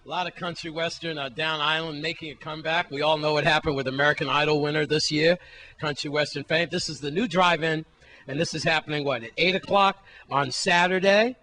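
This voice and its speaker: A man's voice: a little high, fairly even intonation, fairly quick, poor audio. A man reporting from the field, interviewing a guest in a playful, joking manner. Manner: playful, joking, loud exclamations. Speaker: news reporter.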